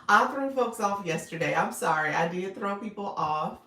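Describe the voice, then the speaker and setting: Woman, live-stream host, gravelly voice, chatty and laughing, phone mic in an echoey room. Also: mid-range voice, expressive, moderate pace, few pauses, pushed and bright. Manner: chatty, greets viewers by name, laughs often. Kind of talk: casual live-stream chat with viewers.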